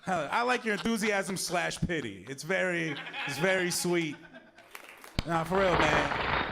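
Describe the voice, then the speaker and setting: A man's voice: a little high, expressive, normal speed, creaky, pushed and bright. A man hosting a comedy show in a small venue, joking loosely and laughing at his own flops. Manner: laughing, self-mocking, loose banter. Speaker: show host. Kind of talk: hosting a comedy open mic. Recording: crowd and noise in a small venue.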